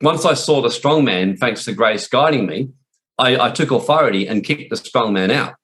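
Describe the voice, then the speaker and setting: A man's voice: mid-range voice, lively intonation, moderate pace, fairly bright tone. Blunt, profane man preaching. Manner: blunt, profane, rambling with restarts. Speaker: spiritual warfare teacher. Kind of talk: informal preaching talk.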